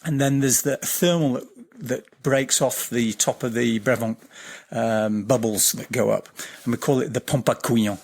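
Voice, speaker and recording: A man tells a story as a podcast guest, his middle-pitched voice gravelly with a husky edge. He swears freely, circles back over his words and slows down to draw out the tense moments. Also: fairly even intonation, a little mellow. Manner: vivid, swearing storyteller who repeats words and restarts. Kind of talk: animated storytelling in a podcast interview.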